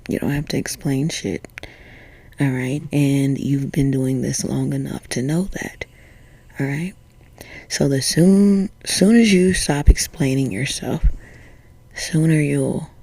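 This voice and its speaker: A woman talking straight to a listener in a soft, half-whispered, reassuring way, swearing casually as she goes. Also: low voice, creaky, slightly rough, dry recording. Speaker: spiritual channeler speaking to a viewer. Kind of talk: intimate direct-to-camera talk.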